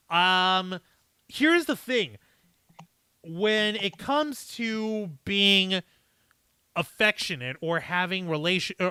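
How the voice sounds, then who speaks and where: A man with a high, bright, smooth and clear voice hosts a casual, rambling live stream, swearing as he reacts to viewer comments. The recording is dry and close.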